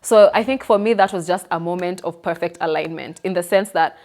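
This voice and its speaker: A woman's voice: fairly low pitch, brisk, a little mellow. A young woman from Kenya, a guest sharing a personal story candidly, with many "you know" and "like" fillers. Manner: candid, frequent "you know" and "like", voice rises when emotional.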